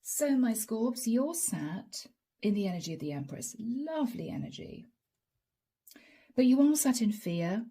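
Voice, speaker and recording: A woman giving a channeled tarot reading, speaking slowly and softly, sometimes dropping into a whisper. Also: fairly high pitch, very animated, husky. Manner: slow, soft, drawn-out delivery with whispered asides. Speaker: tarot reader.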